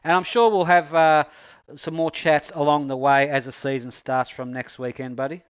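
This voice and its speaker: Aussie guy hosting sim racing chats, smooth clear voice, bit high, lots of "mate" and "uh". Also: fairly even intonation, moderate pace, dry recording, rough recording. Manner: chatty, matey, many fillers. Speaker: esports league host. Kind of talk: casual post-race commentary and chat.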